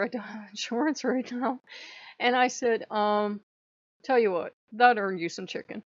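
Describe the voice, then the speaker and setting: A woman's voice: medium pitch, a bit bright, dry recording, highs cut off. A woman telling a casual story in a blunt, chatty way, swearing freely and laughing often. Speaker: vlogger.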